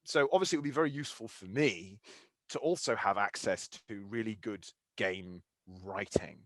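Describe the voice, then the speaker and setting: A man's voice: fairly low pitch, moderate pace, no echo. A man hosting a podcast interview, talking in a thoughtful, analytical way with frequent restarts. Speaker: podcast host. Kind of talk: casual conversational interview.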